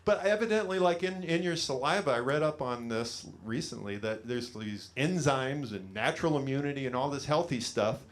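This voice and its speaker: A man's voice: mid-range voice, normal speed, few pauses, slight background noise. A middle-aged man from California doing a stand-up comedy set, telling rambling self-deprecating stories full of fillers on a small studio stage.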